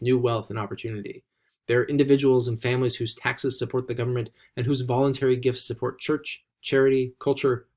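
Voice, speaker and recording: A man in his sixties with an American accent delivering a formal ceremonial speech in measured, rhetorical oratory with emphatic, slowed phrasing. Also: medium pitch. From United States. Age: 60s. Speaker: president giving an inaugural address.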